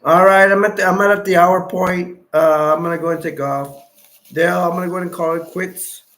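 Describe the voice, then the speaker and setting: Male livestream host, fairly high voice, casual rambling delivery with frequent restarts. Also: steady tone, a little fast, fairly bright tone.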